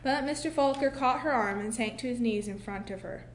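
A woman reading a children's book aloud, expressive, with slow dramatic pauses. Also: a little high. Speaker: narrator. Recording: echoey room with faint hiss.

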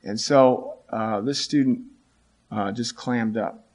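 A middle-aged man, a teacher, telling a story from his class in an earnest, halting way, with many restarts. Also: medium pitch, darkish tone. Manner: earnest and halting, with many restarts, rising when he quotes students. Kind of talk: storytelling talk.

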